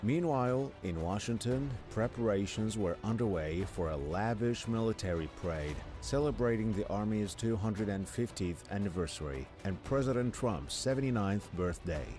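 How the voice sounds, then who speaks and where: Low-voiced man narrating a news report. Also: animated, over music. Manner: measured, dramatic delivery.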